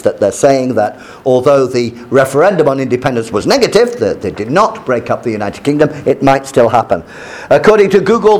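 Man, teacher type, reads a news piece and then talks it through with hesitant asides, in a fairly high voice that rises and falls a lot. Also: a little mellow. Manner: halting explanations with many fillers between read passages. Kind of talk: reading aloud and explaining a news article.

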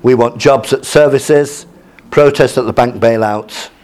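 A man's voice: mid-range voice, unhurried, a little mellow. Hesitant male lecturer with many fillers. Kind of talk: lecture with slides.

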